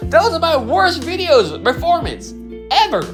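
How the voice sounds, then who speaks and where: A man's voice: very high-pitched, sing-song, measured pace, over music. A man ranting to camera about wrestling, profane, exasperated and emphatic. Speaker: wrestling commentary video creator. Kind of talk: opinionated rant to camera.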